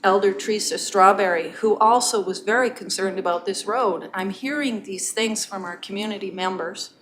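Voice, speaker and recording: A woman chairing a council meeting debate, earnest and passionate but measured. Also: medium pitch, a bit bright, slight background noise.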